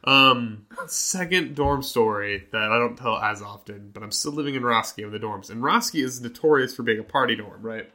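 Young man, bright tone, casual chat, rambling, laughs a lot. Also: medium pitch, normal speed, few pauses. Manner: animated, rambling, laughs often. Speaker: podcast co-host.

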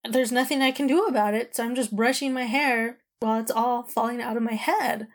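A woman's voice: a little high, fairly even intonation, brisk. Candid woman telling her own story. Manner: candid, emotional, rambling with many "like"s. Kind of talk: personal storytelling to camera.

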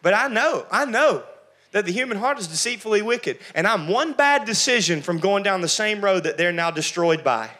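Brief: male preacher, middle-aged, high and bright voice, animated delivery that jumps into character voices. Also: normal speed. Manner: animated, acting out quotes with big pitch jumps. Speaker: pastor. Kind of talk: sermon.

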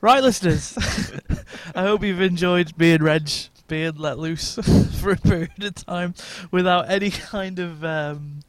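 A man's voice: high-pitched, measured pace, no room sound. A man co-hosting a podcast, chatting casually at a comic convention, rambling with restarts and frequent laughter. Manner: rambling, self-interrupting, laughs often. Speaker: podcast co-host. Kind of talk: casual chat.

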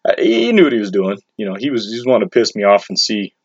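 A man with a fairly low voice tells a story about his own life in a loose, rambling way, dropping crude slang and restarting his sentences. The recording is dull and lo-fi, with a dry sound and no room echo. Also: very animated, quick pace, slightly rough. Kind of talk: casual personal storytelling.

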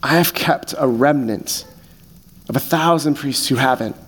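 A man voicing God in a sermon, speaking slowly and gravely in a lowered, hushed voice. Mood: solemn. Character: God speaking, deep and solemn.

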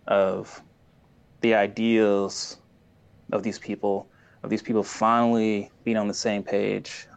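Male co-host, low and gravelly, earnest and rambling, eager recap. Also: darkish tone. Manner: earnest, enthusiastic, rambling with fillers and restarts. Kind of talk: casual chat recapping a show.

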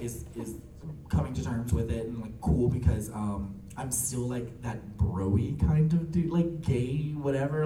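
Lively, laughing young man, talking off-mic in a roomy space. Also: fairly high pitch, distant mic, a little hiss or hum. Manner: chatty, laughing, full of likes and quick quoted asides. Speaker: drag performer. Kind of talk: casual storytelling. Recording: roomy echo from off-mic, faint ambience.

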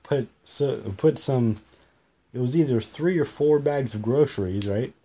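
A podcast host delivers a casual storytelling monologue, rambling and repeating himself while swearing freely. His voice is medium-pitched and warm, at a measured pace.

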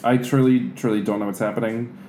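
Young podcast host, dark-toned and echoey. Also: mid-range voice, fairly even intonation, quick pace, a little hiss or hum. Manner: laughing, rambling, fake-salesy bits. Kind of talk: casual chat.

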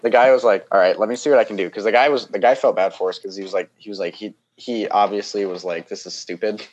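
A young man with a fairly low voice tells a long, winding story in casual conversation. He keeps restarting sentences and slips into quick impressions of the people involved. He laughs often along the way. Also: muffled recording. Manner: rambling, animated, acts out the people he quotes, laughs often. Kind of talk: casual chat.

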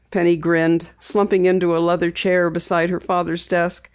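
A woman narrating a story with an even, storytelling delivery. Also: lowish voice, moderate pace, hardly any pauses, clear, resonant tone. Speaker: audiobook narrator. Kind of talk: scripted narration. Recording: slightly dull lo-fi audio.

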